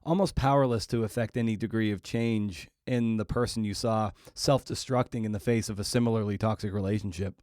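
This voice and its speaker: A man's voice: fairly low pitch, fairly even intonation, a little fast, hardly any pauses, a little mellow, no room sound. Male podcast host, dry close sound. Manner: rambling questions with restarts, laughs along. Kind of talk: interview questions.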